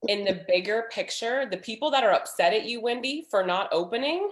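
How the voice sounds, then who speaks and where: A woman's voice: a little high, lively intonation, a little fast. Chatty woman small business owner. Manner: candid, chatty, says "like" a lot. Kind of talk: casual group video chat.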